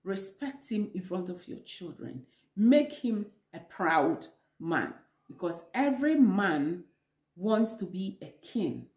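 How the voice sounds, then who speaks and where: A woman's voice: on the low side, darkish tone, reverberant. A woman with a Ghanaian accent gives earnest, preachy relationship advice to camera from her home kitchen, repeating phrases for emphasis. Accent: Ghanaian English. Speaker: vlogger giving relationship advice. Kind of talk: home video talk to camera.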